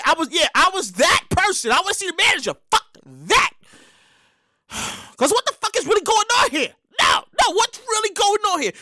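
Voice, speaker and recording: A woman with a very high, sharp voice rants through a comic story as a show host. Her pitch leaps all over the place, and she swears freely, breaking into shouted outbursts. The sound is dry and close. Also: no room sound. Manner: profane, animated, bursts into shouting. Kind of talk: comedic storytelling rant.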